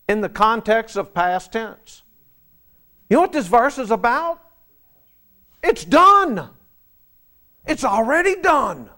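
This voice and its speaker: Slow, high-voiced male preacher. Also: a bit bright. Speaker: pastor. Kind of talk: sermon.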